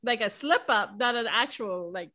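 A woman's voice: on the high side, lively intonation, normal speed, pushed and bright. A woman interviewing an actor in a chatty way, laughing easily and using many fillers. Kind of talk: casual interview chat.

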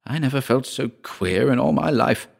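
A man's voice: mid-range voice, expressive, normal speed, creaky, pitched above the performer's own voice. A man doing an uneasy man muttering in bed. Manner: puzzled muttering to himself.

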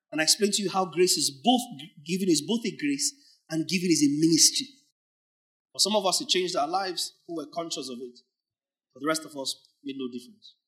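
A male preacher with a bright, high-set voice that swings widely in pitch. He delivers a lively sermon, teasing his congregation with rhetorical questions and sudden emphatic turns.

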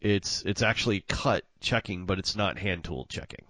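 A man telling a casual anecdote in an animated, self-amused way, acting out the dialogue. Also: low-pitched, normal speed, dry recording.

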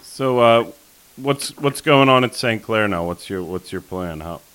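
A man's voice: lowish voice, animated, a little slow, fairly bright tone, clear, resonant tone. A man co-hosting a radio chat in an easygoing way, asking the guest questions.

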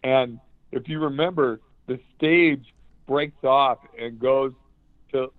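A man telling a rambling story as a guest, excitable and swearing often, over a call line. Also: medium pitch, takes it slowly, no room sound. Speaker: guest musician. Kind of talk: casual storytelling. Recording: tinny phone-like line, dry.

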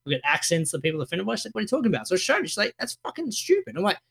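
A man's voice: sits high, very animated, racing, vocal fry, sharp tone, breathy edge. A man co-hosting a podcast, recounting stories in easy conversation. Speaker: podcast co-host. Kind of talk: casual storytelling chat.

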